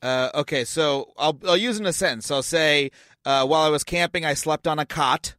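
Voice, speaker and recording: A man's voice: on the high side, fairly quick, fairly bright tone, no room sound, clean studio sound. Casual male podcast host from Long Island. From Long Island, New York. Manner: casual, lots of filler words. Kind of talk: interview talk.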